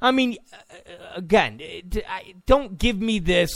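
A man's voice: sits high, sing-song, measured pace, no echo, clean studio sound. A man delivering a political opinion monologue in an emphatic, repetitive, ranting way. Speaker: political commentator.

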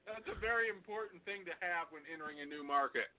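Over a tinny phone line, this middle-aged podcast co-host talks in a high voice, a little fast, with a crowd audible behind him. The chat is casual, full of laughter and easy profanity.

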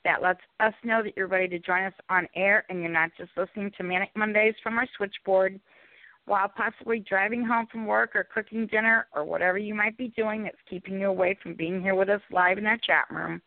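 A woman's voice: medium pitch, fairly even intonation, fairly quick, no room sound. A woman announcing and co-hosting a call-in show, reading a scripted introduction in an upbeat, promo-style manner. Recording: tinny phone line.

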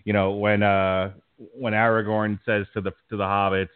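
A man's voice: on the low side, flat delivery, normal speed, clean tone. A middle-aged man hosting a podcast in casual chat, talking in a rambling way with lots of restarts. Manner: stumbling, rambling storyteller with many restarts. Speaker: podcast host. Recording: tinny phone-like line.

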